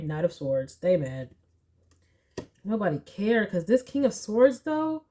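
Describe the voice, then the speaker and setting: A young woman giving a casual pick-a-card tarot reading, chatty and animated, with slangy asides. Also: medium pitch. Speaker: tarot reader.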